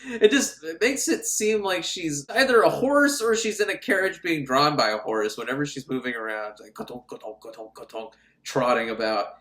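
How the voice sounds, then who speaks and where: A man's voice: on the high side, moderate pace, pushed and bright. Sarcastic man recapping a film, roomy echo. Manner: sarcastic, mocking, acts out characters. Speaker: film reviewer.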